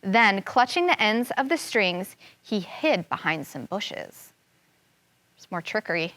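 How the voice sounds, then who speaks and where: A woman teacher reads a folk tale aloud for young children, acting out sound effects and explaining words as she goes. Her voice sits in a middle pitch, recorded dry and close. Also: unhurried, no room sound. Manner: expressive, voicing sound words and characters. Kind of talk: reading a story aloud to children. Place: classroom studio.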